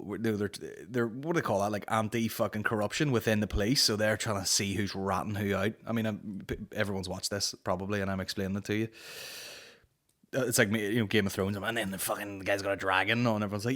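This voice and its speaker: A man in his thirties hosts a solo comedy podcast, rambling, swearing, and cutting himself off. He has a lowish, fairly bright voice with fairly even intonation and a fairly quick pace.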